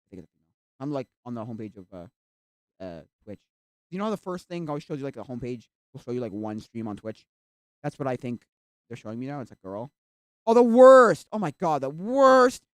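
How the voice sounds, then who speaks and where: A live streamer chatting casually while browsing at the computer, rambling and filling every pause with "like". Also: medium pitch, animated, no echo, clean studio sound. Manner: rambling, heavy use of "like".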